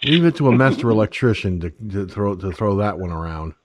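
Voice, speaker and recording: A man's voice: lowish voice, expressive, fairly quick, noisy background. An older man hosting an online talk radio show, joking and rambling crudely about everyday troubles. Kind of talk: casual call-in chat.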